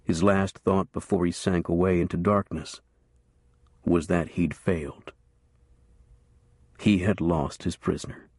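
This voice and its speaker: A man narrating a western novel as an audiobook in a steady, measured storytelling voice. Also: low-pitched, no echo.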